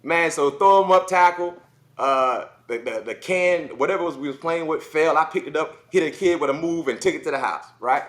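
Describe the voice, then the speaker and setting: A man in his forties from South Carolina, telling stories in a casual podcast chat, animated and repeating words as he goes. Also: a little high, brisk. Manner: animated, repeats words, acts out kids' voices. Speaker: former football player guest.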